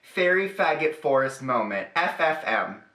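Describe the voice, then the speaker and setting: Sassy, profane young man, bright voice. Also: mid-range voice, sing-song, measured pace. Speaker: beauty vlogger. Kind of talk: casual makeup tutorial chat. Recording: echoey room.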